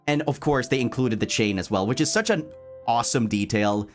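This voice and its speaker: Chatting casually on a livestream, this streamer reads messages from chat aloud and responds, playful and animated. He laughs often and trips over his words when excited. His mid-range voice moves a little fast over soft background music.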